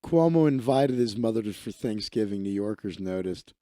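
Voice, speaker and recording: A man's voice: lowish voice, expressive, moderate pace, hardly any pauses, dark tone, no echo, clean studio sound. A man hosting a live stream, rambling and ranting to himself while he browses, swearing freely. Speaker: livestream host.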